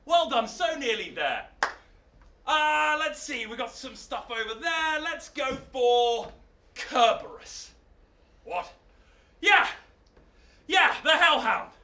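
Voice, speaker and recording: Scheming goddess, storyteller playing her; bright, mock-sweet, heard far off in a live hall. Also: extremely high pitch, expressive, takes it slowly, long pauses, a little hiss or hum, voice pushed up, full character voice. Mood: smug. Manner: mock-sweet, then bossy. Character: smug scheming goddess, woman, commanding. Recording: roomy hall, mic from afar.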